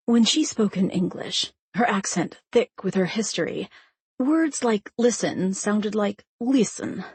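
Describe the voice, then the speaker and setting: A woman narrating a romance audiobook in a measured, scripted style. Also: mid-range voice, vocal fry, darkish tone, slightly rough, no echo.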